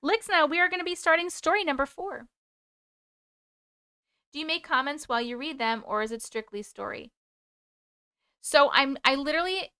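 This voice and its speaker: A woman's voice: fairly high pitch, fairly bright tone, clear, resonant tone, no room sound, studio quality. A woman hosting a live stream, chatting casually and reading viewer comments aloud in a rambling, giggly way. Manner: chatty, rambling, giggly, jumps between topics. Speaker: livestream host.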